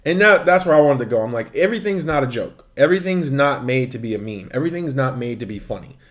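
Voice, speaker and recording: A man's voice: mid-range voice, animated, quick pace. A man hosting a casual chat show, talking in a laid-back way and drifting between topics. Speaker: podcast host.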